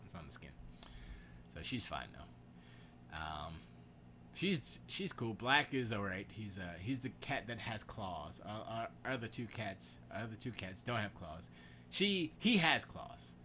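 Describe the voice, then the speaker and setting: A man hosting his podcast and rambling through casual, slangy stories. His bright voice swoops up and down all the time. A faint hiss stays underneath. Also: lowish voice. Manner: animated storytelling with voiced quotes, slangy. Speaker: podcast host.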